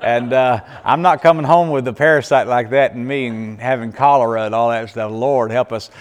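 Man, missionary preacher, animated storytelling, frequent laughter, long hall reverb. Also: medium pitch, normal speed, clean tone. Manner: animated, laughing often, many restarts. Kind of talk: casual storytelling to a congregation.

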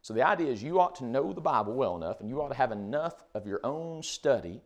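A man's voice: mid-range voice, expressive, fast. A man preaching a sermon in a conversational way, full of rhetorical questions.

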